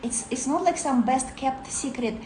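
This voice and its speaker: A woman meditation teacher talking to camera in a lively, playful way, acting out her students' complaints. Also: high voice, normal speed, reverberant, a little hiss or hum, poor audio.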